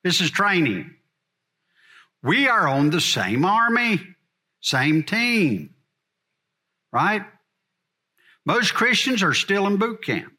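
A man's voice: high voice, pushed and bright. A middle-aged man teaching a church congregation in a blunt, folksy sermon style. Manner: folksy and blunt, drawling asides.

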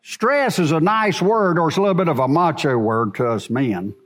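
A man's voice: fairly high pitch, lively intonation, normal speed, few pauses, fairly bright tone. A man preaching a sermon to a congregation in a church, asking rhetorical questions as he goes. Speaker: pastor.

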